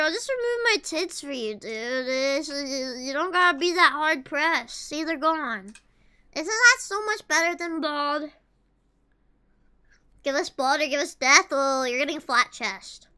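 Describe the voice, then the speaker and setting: Very high, bright young woman streamer. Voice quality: voice cracks often. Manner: giggly, playful, jokes in bursts of mock drama. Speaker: VTuber streamer. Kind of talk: casual chat reacting to viewers.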